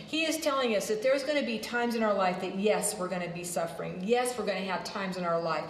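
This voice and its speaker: A woman's voice: medium pitch, fairly quick, reverberant, slight background noise, low-quality recording. A woman preaching a sermon, emphatic, repeating her phrases and drifting into side stories.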